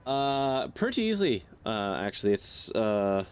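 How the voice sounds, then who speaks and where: A man's voice: on the low side, sing-song, unhurried, clear, resonant tone. A man hosting a casual game stream, joking and swearing as he thinks aloud. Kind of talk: casual gameplay chat.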